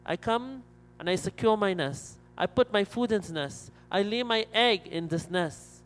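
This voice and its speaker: A man's voice: high voice, expressive, a little slow, voice pushed up. A man voicing a small mother bird who laments a wrong in a plaintive, repetitive way. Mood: aggrieved.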